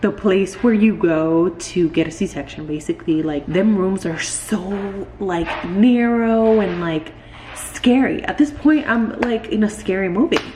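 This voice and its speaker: A young woman tells a story to the camera in an expressive, loose way, swearing freely and leaning on "like" as she talks. Her voice sits at an ordinary pitch. The room is roomy and echoey, with a faint hum of ambience behind her. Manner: expressive, swearing, many "like" fillers. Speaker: vlogger. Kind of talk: storytime vlog.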